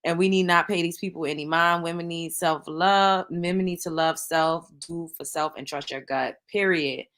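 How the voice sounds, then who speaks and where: A woman's voice: on the low side, fairly even intonation, moderate pace, few pauses, a bit bright. A woman hosting a casual livestream, a bit congested, chatting straight to her viewers. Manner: conversational, talking to chat viewers. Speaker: livestream host.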